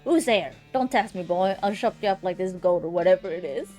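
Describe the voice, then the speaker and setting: A woman voicing a gruff, threatening frontier butcher who hisses his lines, in a comedy western game read-through. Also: fairly low pitch, expressive, fairly quick, warm tone, soft background music, natural voice. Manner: hissing, menacing.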